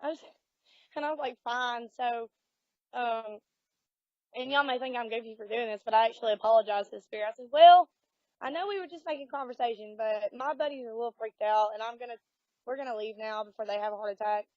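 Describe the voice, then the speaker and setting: Brief: Southern woman investigator, lively quotes, close dry mic. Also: on the high side, fast, no echo. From Alabama. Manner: animated storyteller, acts out quotes. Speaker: paranormal investigator guest. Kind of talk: casual storytelling interview. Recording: dull lo-fi audio.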